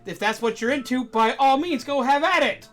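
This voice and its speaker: A woman's voice: high-pitched, normal speed, faint music behind. A woman hosting a game stream, ranting in casual chat, swearing freely and laughing between points. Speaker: streamer host.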